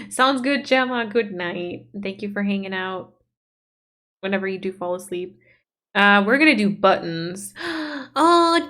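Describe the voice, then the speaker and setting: A woman streamer chats casually while gaming, reading chat messages aloud and gushing over the game. Her voice is medium in pitch and a little bright.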